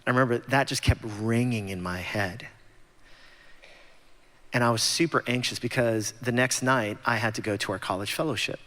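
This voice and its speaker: A man's voice: medium pitch, normal speed, fairly bright tone. A man in his forties from Los Angeles giving a personal testimony talk at a church gathering, conversational and self-deprecating. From Los Angeles, USA. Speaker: guest speaker at church gathering. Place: large church sanctuary. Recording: long church-hall reverb.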